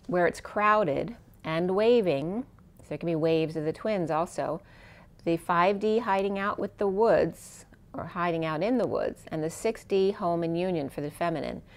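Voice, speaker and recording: Soft-spoken tarot reader, fading voice. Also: female voice, lowish voice. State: losing her voice. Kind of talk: spiritual tarot reading.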